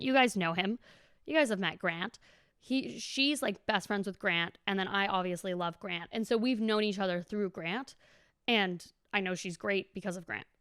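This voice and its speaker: A young woman in her twenties talks straight to her viewers in a loose, rambling vlog ramble. Her voice is smooth and clear, and the recording is dry and close, with no room sound. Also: mid-range voice, a bit bright, no echo. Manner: rambling and chatty, heavy use of "like", swears casually. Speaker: vlogger. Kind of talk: casual chatty vlog.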